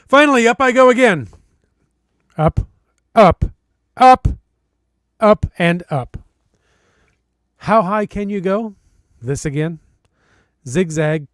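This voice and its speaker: A podcast host, a man with a high voice, reads a listener's story aloud. He hams it up with playful emphasis and comic pauses. The recording is dry and close, with no room sound. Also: dry recording.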